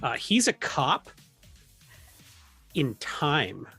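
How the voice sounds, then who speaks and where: A sarcastic male co-host riffing on a movie with deadpan jokes, his voice swinging widely in pitch. He sits a bit higher than most men, with light music beneath the chat. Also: drawn-out words, creaky, husky, no echo. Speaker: podcast co-host. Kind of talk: casual movie review chat.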